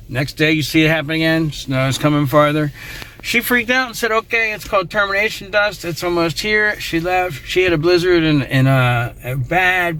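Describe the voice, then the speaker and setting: A middle-aged man telling a true personal story in a casual, rambling way, getting emotional and trailing off into quiet asides. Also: a little high.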